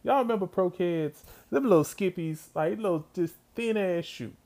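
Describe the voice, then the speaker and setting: Gravelly man telling a comic story. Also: sits high, normal speed, warm tone. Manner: slangy, conversational, talks straight to listeners.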